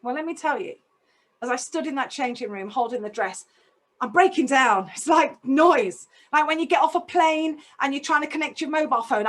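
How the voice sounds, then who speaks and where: A woman's voice: sits high, a bit bright. A woman telling a personal story in a talk, intense and emotional, putting direct questions to her listeners. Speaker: speaker.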